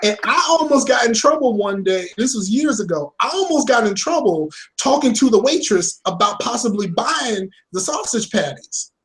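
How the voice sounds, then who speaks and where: A young man co-hosting a casual podcast, animated and slangy, rising into rants. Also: extremely high pitch, normal speed, hardly any pauses. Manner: animated, slangy, gets worked up ranting. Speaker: podcast co-host.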